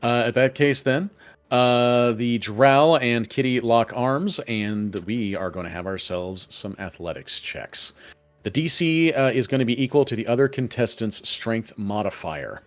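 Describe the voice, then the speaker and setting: A man narrating a tabletop game as game master, in a relaxed manner with frequent fillers and restarts. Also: medium pitch, faint music behind. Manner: relaxed, halting with many fillers.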